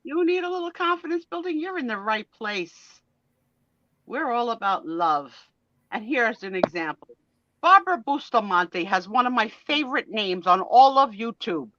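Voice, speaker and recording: Bright, gushing woman host. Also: fairly high pitch, animated, normal speed, no room sound, highs cut off. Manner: enthusiastic, gushing, teasing. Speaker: host of a live sale stream. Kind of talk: casual livestream chat.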